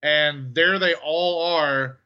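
A man's voice: on the high side, takes it slowly, smooth. An English man co-hosting a podcast, chatting casually with rambling asides. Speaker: podcast co-host. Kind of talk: casual chat. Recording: dull lo-fi audio.

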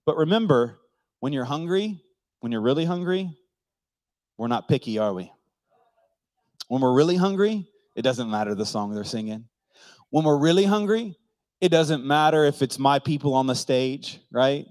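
Joking pastor preaching, dry sound. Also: male voice, medium pitch, animated, moderate pace, pauses often, darkish tone, dry recording. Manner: joking, conversational, asks the crowd questions; acts out quoted voices. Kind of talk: sermon.

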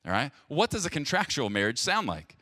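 A man's voice: sing-song, fairly quick, no room sound. Pastor guy preaching, emphatic, big swings up and down, dry close sound. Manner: emphatic, swinging from loud stresses to hushed low lines; direct, plain-spoken address to viewers. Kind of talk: sermon.

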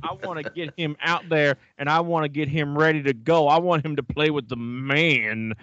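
A man voicing a brash hockey fan man with a Southern Ontario accent, loud and blustering. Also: a little high, steady tone, normal speed, no echo, lo-fi sound, close to an everyday voice.

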